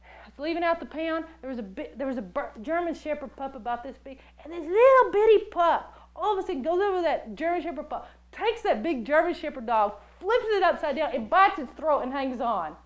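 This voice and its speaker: High-voiced woman preaching a story. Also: fairly quick. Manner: animated storytelling, acts out quoted voices. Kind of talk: sermon with personal story.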